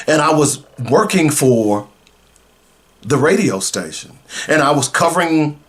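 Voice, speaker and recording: Middle-aged male radio host, earnest storyteller, emotional, mid-pitched voice. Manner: emotional, earnest, slow in places. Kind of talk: personal storytelling.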